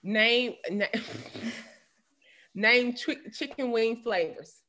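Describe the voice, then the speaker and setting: A woman's voice: fairly high pitch, drawn-out words, pushed and bright. A woman co-hosting a casual chat with teasing, joking banter. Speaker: podcast co-host.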